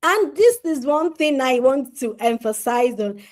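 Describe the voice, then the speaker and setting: Woman, high-pitched, parenting advice talk, earnest, repeats for emphasis, addresses parents directly. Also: lively intonation, measured pace. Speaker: parenting speaker.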